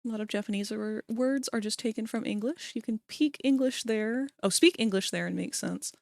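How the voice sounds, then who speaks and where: A woman streamer chats casually while working live, telling rambling stories and talking with her viewers. Her voice is on the high side with vocal fry, a little fast, and there's no echo.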